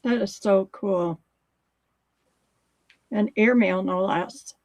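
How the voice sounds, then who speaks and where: A woman's voice: medium pitch, takes it slowly, a little mellow, no echo. A woman chiming in casually from off camera during a live sale, making curious, admiring remarks. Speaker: off-camera co-host reacting to items. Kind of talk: casual chat.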